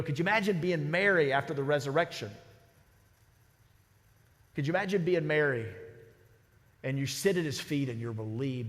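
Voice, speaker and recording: Pastor preaching, fairly high voice, long church reverb. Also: male voice. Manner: storytelling, lively and conversational. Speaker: senior pastor. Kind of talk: sermon. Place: large church sanctuary.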